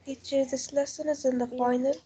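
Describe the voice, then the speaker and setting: A woman's voice: high voice, little pitch movement, a little fast, mellow, slightly rough. A woman student giving brief answers to her teacher in an online class. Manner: brief replies.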